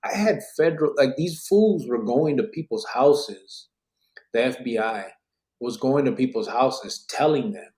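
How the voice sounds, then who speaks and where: A middle-aged man hosting a podcast, telling stories in a casual, animated way with street slang and swearing. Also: medium pitch, unhurried, reverberant. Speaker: podcast host.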